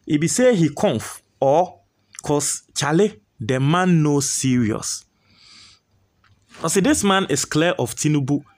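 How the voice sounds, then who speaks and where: A young man with a Ghanaian accent, reading out viewer comments in animated casual commentary and slipping into local pidgin. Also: fairly high pitch.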